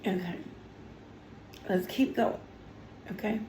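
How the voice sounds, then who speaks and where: A woman's voice: fairly low pitch, steady tone, slow pace, mellow, echoey room, slight background noise, rough recording. A woman giving a casual tarot reading on her channel, talking in an emotional, chatty way with lots of fillers, teary as she goes. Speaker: tarot reader.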